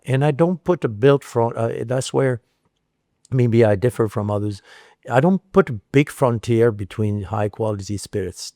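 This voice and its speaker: A man's voice: fairly low pitch, darkish tone, no echo, studio quality. A middle-aged man from France with a French accent, chatting as an interview guest and telling stories with many restarts and fillers. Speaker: guest, spirits producer. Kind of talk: casual interview chat.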